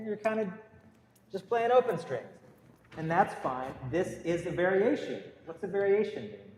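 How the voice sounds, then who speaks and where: High in pitch but darkish in tone, a male music teacher counts beats and calls out note letters during a guitar class so his students can say them together. Echo and faint noise fill the recording.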